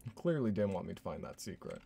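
A man's voice: low-pitched, big pitch swings, fast, creaky, dark tone, husky. A man streaming a game, giving casual, joking commentary and laughing often.

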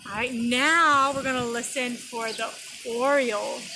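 A woman teaching young children in a video lesson, talking in a gentle, sing-song way that is exaggerated for little ones. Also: a little high, steady tone, measured pace. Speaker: preschool teacher. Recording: noisy background.

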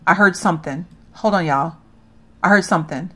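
A woman commenting casually on her gameplay, chatty and reacting loudly to what happens, often calling out to viewers. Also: lowish voice, normal speed, slightly rough. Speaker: gaming channel host.

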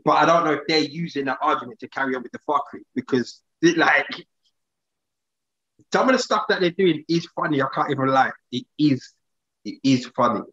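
A man co-hosting a live chat show, telling stories in a relaxed way and chuckling through them. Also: a little high, brisk, reverberant. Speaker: co-host of a live discussion stream. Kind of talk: casual chat. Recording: dull lo-fi mic sound.

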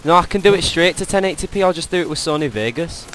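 Young English gamer, swearing banter. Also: male voice, fairly high pitch, animated, fast, fairly bright tone, a little hiss or hum. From England. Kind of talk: casual gaming chat.

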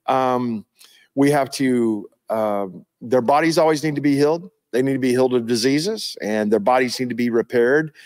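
A man's voice: medium pitch, no echo. Emphatic preacherly man. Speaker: pastor and ministry leader. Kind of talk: live Q&A preaching.

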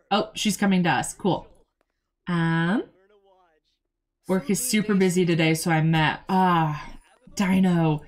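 A young woman streaming a game, chatting casually and excitably, swearing freely and talking to her chat and to the characters on screen. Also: on the low side, measured pace. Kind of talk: casual gameplay commentary.

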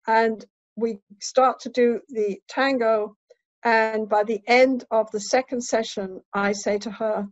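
A woman therapist teaching a webinar, talking casually and sometimes slowing down and going soft to demonstrate. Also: fairly high pitch, steady tone, dry recording, lo-fi sound. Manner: slows down and goes soft to demonstrate. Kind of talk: lecture with demonstration.

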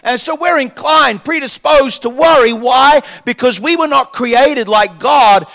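A male pastor, preaching a sermon with emphatic, repeated lines that move between raised, shouted points and quieter asides. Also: very high-pitched, unhurried, gravelly. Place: church.

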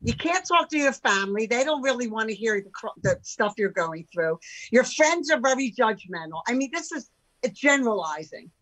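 Older woman, emphatic podcast guest, fairly high voice, animated, acts out quoted speech. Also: poor audio. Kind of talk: casual conversation.

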